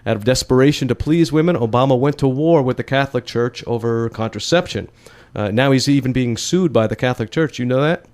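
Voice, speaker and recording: A man's voice: mid-range voice, fairly quick, darkish tone. Wry folksy male talk show host. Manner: folksy, wry, repeats a catchphrase, chuckles at own jokes. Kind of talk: political talk show commentary.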